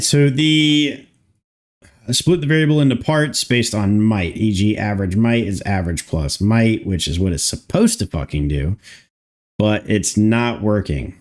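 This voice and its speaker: A man streaming live, thinking aloud and muttering as he codes, chatting casually and swearing now and then. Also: medium pitch. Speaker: streamer coding a game mod. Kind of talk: casual livestream chat while coding.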